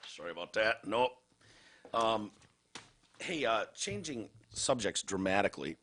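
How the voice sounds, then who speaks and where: A man's voice: fairly low pitch, sing-song, measured pace, fairly bright tone, a little hiss or hum. A man with a Midwestern American accent hosting a casual podcast, talking bluntly and sarcastically with plenty of swearing. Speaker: podcast host. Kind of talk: casual talk-show banter.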